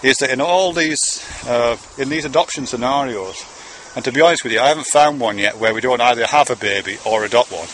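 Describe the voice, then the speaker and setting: Man, rambling fatherly monologue, bright tone, faint insects outdoors behind. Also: mid-range voice, fairly quick, few pauses, slight background noise. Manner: conversational, meandering, swearing casually. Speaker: father speaking to his son.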